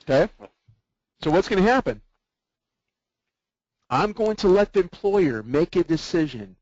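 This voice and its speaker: A man leading a sales training webinar, often checking in with his listeners through quick rhetorical questions. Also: high voice, very animated, a little mellow, no echo, muffled recording.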